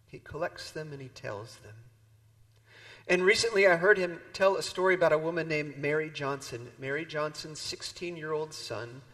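A man preaching a sermon, telling a story and moving between loud emphasis and hushed, near-whispered lines. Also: on the high side. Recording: long hall reverb.

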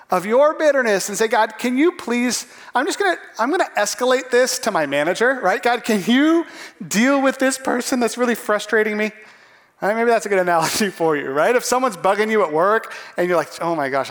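A man preaching a sermon, animated, acting out the voices of the people in the story. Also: sits high. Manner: animated, acts out voices of characters. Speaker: pastor. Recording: long hall reverb.

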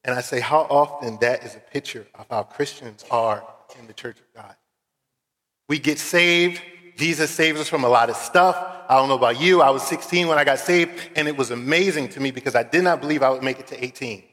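A man's voice: mid-range voice, brisk, a bit bright. Earnest preacher man in a reverberant church. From Philadelphia, USA. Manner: conversational, earnest storytelling with casual fillers. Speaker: guest preacher. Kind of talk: sermon. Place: church sanctuary. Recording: long church hall reverb.

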